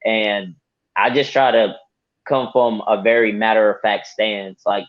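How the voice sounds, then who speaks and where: Animated fighter man, lo-fi audio. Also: fairly low pitch, a little slow. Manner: animated, hypes himself up, laughs often. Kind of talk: casual interview. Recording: dull lo-fi audio.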